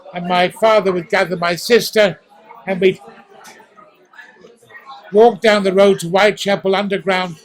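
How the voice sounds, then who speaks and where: In a low-quality recording, a guest actor in his eighties, from the East End of London yet with a posh English accent, tells stories in an interview at a restaurant. He's theatrical and acts out sounds, his high-pitched voice a bit bright.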